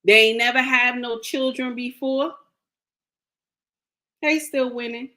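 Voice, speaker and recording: High, bright-voiced woman preaching advice. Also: steady tone, slow pace. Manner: emphatic, preachy, repeats lines for emphasis; blunt and scolding, slangy. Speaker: relationship advice vlogger. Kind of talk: direct-to-camera advice monologue.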